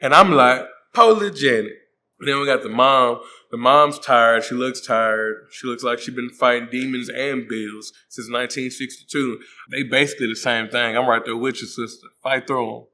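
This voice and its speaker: A man's voice: mid-range voice, flat delivery, moderate pace, pushed and bright. A man hosting a comedic movie recap, joking in slang and acting out the characters' voices. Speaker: host.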